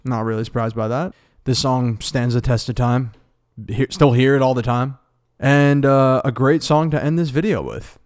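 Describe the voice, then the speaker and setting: A man's voice: medium pitch, steady tone, moderate pace, darkish tone, dry recording, studio quality. A man hosting a casual music reaction, chatting with enthusiasm and musing aloud between songs. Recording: music playing behind.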